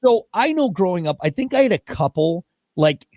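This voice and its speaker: A man's voice: high voice, sing-song, moderate pace, darkish tone, no echo, clean studio sound. A middle-aged man co-hosting a podcast in casual chat, rambling and trailing off, often laughing. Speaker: podcast co-host.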